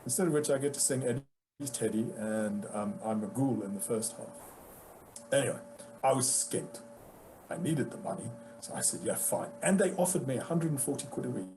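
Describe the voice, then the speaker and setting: A British man, an actor, telling casual anecdotes about his career with animated delivery, acting out the lines of people he quotes. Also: mid-range voice, normal speed, faint music behind, poor audio. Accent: British English. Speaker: guest actor. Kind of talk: casual storytelling.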